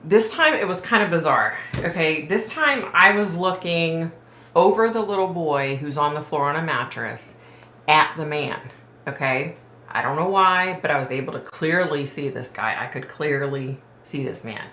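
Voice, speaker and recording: Low-voiced woman talking to viewers, lots of sighs and ums, bright tone, echoey room. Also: expressive, moderate pace, a little hiss or hum. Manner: emotional, hesitant, many ums and sighs. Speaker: psychic medium vlogger. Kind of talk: casual retelling to viewers.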